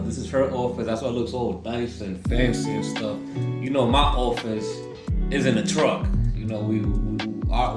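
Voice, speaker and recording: A man who drives trucks, chatting casually to his viewers in a laid-back way with lots of "you know" fillers. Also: mid-range voice. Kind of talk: casual vlog chat. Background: music.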